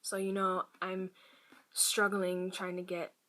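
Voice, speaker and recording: Girl vlogger talking to camera, bright voice, quiet and halting, lots of ums and restarts. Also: fairly low pitch, monotone. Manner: halting and hushed, often dropping to a whisper; many fillers and restarts. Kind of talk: personal storytelling to camera.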